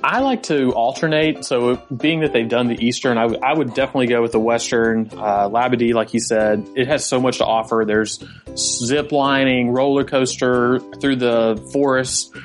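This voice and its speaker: A man's voice: mid-range voice, fairly even intonation, moderate pace, soft background music. A man with a Tennessee accent, co-hosting a casual podcast in an easygoing, friendly way. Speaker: podcast co-host.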